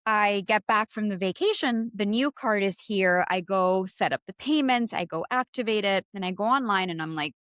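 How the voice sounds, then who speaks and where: A woman in her thirties with an accent, co-hosting a podcast and telling a story in casual chat, animated and profane, acting out both sides of phone calls. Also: medium pitch, moderate pace, few pauses, dry recording, clean studio sound. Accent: non-native English. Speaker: podcast co-host.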